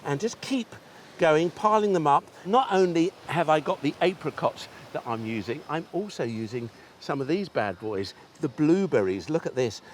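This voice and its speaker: A man's voice: a little high, slight background noise. Chatty enthusiastic TV cooking host, man. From England. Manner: chatty, enthusiastic, addresses viewers directly. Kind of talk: cooking demonstration. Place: outdoors on a beach.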